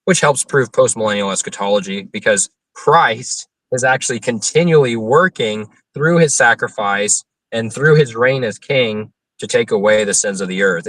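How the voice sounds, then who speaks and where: Earnest young preacher explaining scripture. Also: male voice, medium pitch, sharp tone, no room sound, far from the mic, low-quality recording. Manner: earnest, explains at length with fillers and restarts. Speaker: interview guest, open-air preacher. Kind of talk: explanatory interview answers on theology.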